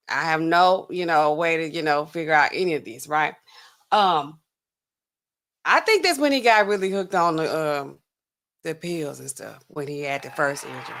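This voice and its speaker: A woman's voice: fairly low pitch, bright, forceful tone. Woman host, a pharmacist, chatting loosely through her commentary. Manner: chatty, talks straight to viewers. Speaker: pharmacist host reacting to news. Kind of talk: casual commentary over a news clip.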